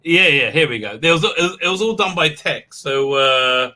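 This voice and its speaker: A man's voice: fairly high pitch, lively intonation, moderate pace, sharp tone. A man hosting a casual live stream, talking in a rambling, sardonic way with many restarts.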